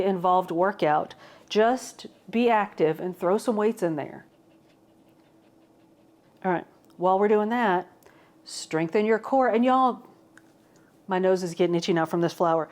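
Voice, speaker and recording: In her home kitchen, a woman rambles casually through a cooking and fitness vlog, often calling her viewers "y'all." Her mid-range voice is a little mellow, and she's self-deprecating.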